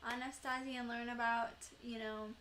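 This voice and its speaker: A woman's voice: fairly high pitch, level tone, normal speed, a bit bright, a little hiss or hum. A young woman chatting casually with viewers on her live stream, rambling with lots of fillers.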